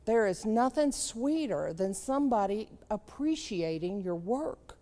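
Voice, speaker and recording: A woman leadership trainer giving a live seminar talk, with slow, questioning, storytelling delivery and a gravelly voice. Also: medium pitch, lively intonation, warm tone, in a large hall.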